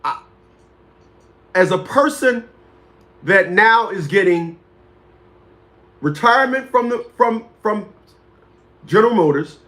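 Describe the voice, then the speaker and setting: A man's voice: high-pitched, expressive, slow pace, pauses often, sharp tone. A man in his fifties hosting a talk show, telling a story in a rambling, casual way, repeating words and greeting viewers by name. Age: 50s.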